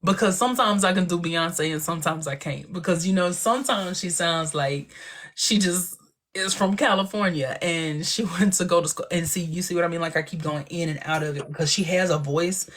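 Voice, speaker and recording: A man hosting a casual livestream chat, talking in a chatty, expressive way with playful asides. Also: on the high side, fairly quick. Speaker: livestream host.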